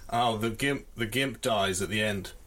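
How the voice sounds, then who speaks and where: A man's voice: fairly low pitch, normal speed, a bit bright. A man hosting a podcast alone, chatting casually at home in a rambling, self-deprecating way. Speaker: podcast host. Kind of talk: casual solo chat. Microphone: audio interface.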